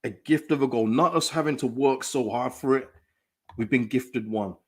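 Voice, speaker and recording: Excitable man hosting a football watchalong. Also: medium pitch, normal speed. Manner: excitable, reads out chat comments, laughs often. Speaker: live-stream football watchalong host. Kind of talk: casual live reaction chat.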